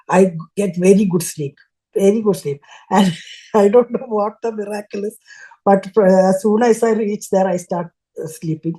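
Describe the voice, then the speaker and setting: Older woman, low warm halting storyteller. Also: rough recording. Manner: halting, searching for words with frequent restarts. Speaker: guest sharing a devotional testimony. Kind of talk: personal storytelling.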